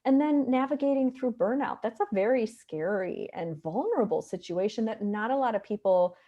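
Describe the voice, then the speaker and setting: A woman's voice: on the high side, expressive, normal speed, muffled recording. A middle-aged woman with a nasal voice and a Wisconsin accent, a physician and author chatting upbeat as an interview guest over a remote call. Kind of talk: casual interview talk.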